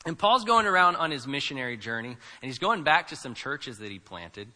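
A man's voice: medium pitch, big pitch swings, fairly quick, bright, forceful tone, big-room sound. A man preaching a sermon as pastor, talking in a conversational, emphatic way and asking rhetorical questions, recorded in a church.

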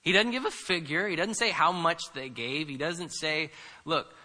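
Bright-voiced man preaching in a reverberant church. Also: a little high, animated, normal speed. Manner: conversational, emphatic preaching with rhetorical questions. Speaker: pastor. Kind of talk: sermon.

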